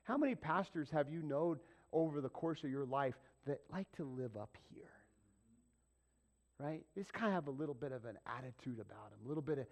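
A man preaching a sermon as pastor, swinging between loud, emphatic peaks and hushed whispers. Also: fairly high pitch, expressive, fast talker, creaky, few pauses.

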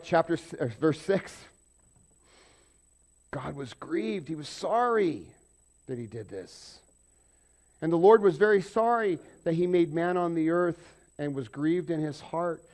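A man preaching a conversational sermon, jumping from loud emphatic bursts to quiet asides. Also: fairly high pitch, expressive, measured pace, long pauses. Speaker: pastor.

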